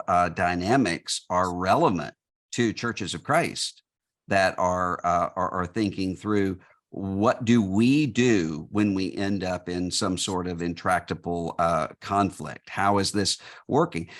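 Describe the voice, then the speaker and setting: Deep-voiced man answering thoughtfully. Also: a bit bright. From United States. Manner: measured, thoughtful, frequent fillers and restarts. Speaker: guest. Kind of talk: conversational interview answers.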